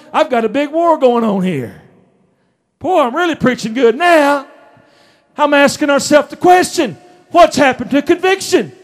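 A middle-aged man preaching a folksy, emphatic sermon in a church, his voice rising into shouts. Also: extremely high pitch. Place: church sanctuary.

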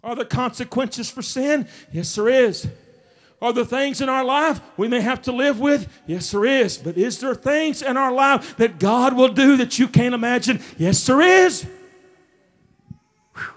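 Man, very high voice, fiery revival preacher, shouts then hushed asides. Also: normal speed. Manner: impassioned, swings from shouting to hushed asides, chuckles often. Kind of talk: fervent revival sermon. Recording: taped sermon.

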